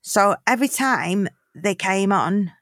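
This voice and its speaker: British woman telling a story, animated. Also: mid-range voice, takes it slowly, no room sound, clean studio sound. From Britain. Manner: animated storytelling, swears freely. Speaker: podcast co-host. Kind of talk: casual comedic chat.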